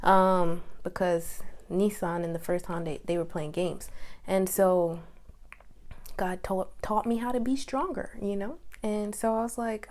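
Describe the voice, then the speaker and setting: Young woman, vlogger, casual storytelling, chatty, animated, fillers, mid pitch. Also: normal speed. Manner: chatty and animated, with many fillers and quoted self-talk.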